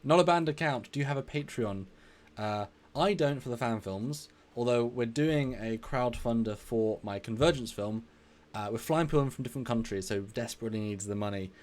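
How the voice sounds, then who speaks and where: A man's voice: mid-range voice, normal speed, hardly any pauses, a little mellow. A man hosting a casual live stream, energetically reading out and answering viewer comments and laughing easily.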